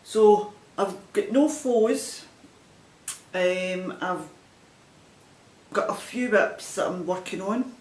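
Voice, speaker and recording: A woman's voice: slow pace, pauses often, darkish tone. A Scottish woman chatting casually and rambling a little as she shows her crafting projects on her video podcast. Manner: chatty, self-deprecating, meandering. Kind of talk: casual show-and-tell chat. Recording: roomy echo, faint rumble.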